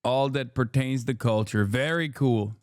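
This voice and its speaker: A man's voice: mid-range voice, dry recording, clean studio sound. A man in his thirties doing sarcastic, mocking reaction commentary on a live stream. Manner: sarcastic, mocking, quick asides.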